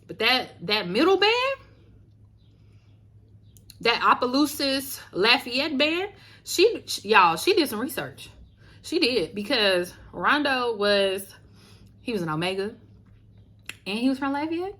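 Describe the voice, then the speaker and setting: A woman from Louisiana chatting casually to viewers as she reviews books on her channel, animated and talking straight to the camera. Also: fairly high pitch, slow, long pauses. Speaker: book vlogger. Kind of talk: casual book review chat.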